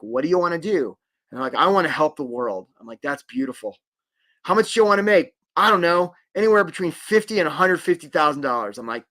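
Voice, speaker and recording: Male career coach, middle-aged, conversational webinar delivery, slightly high voice. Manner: animated, conversational, many "right?" tags. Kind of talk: live webinar teaching.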